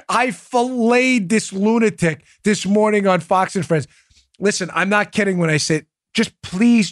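A man's voice: high voice, measured pace, no echo, studio quality. A male podcast host giving mocking political commentary, reacting to clips with sarcasm and laughter.

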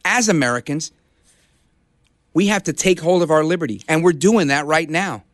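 A middle-aged man from Brooklyn fills in as a talk radio host, rallying his listeners. His voice sits a little high and swings widely in pitch. The studio sound is dry and close. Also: animated, normal speed, a bit bright, dry recording. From Brooklyn, New York. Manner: impassioned, rallying. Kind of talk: conservative talk radio monologue. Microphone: studio broadcast mic.

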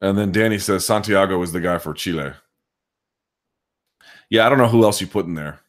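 Man, deep voice, podcast host, live chat, talks it through, many restarts. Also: a little fast. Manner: thinking aloud, frequent restarts and hedging. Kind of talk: casual live chat commentary.

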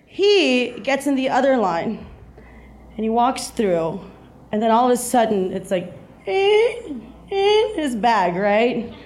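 High-voiced woman doing stand-up. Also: a little slow. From South Texas, USA. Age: 30s. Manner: chatty, laughing, animated storytelling. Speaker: stand-up comedian. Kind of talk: stand-up comedy set. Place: comedy stage before a live audience. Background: audience laughter.

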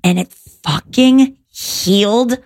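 Lively, swearing woman telling stories. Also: medium pitch, takes it slowly. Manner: animated storytelling with frequent swearing. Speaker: guest. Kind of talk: casual podcast chat.

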